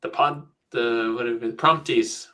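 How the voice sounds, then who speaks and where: A man co-hosting a casual podcast, easygoing and quick to back up the others. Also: medium pitch, fairly even intonation, bright, forceful tone. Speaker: podcast co-host.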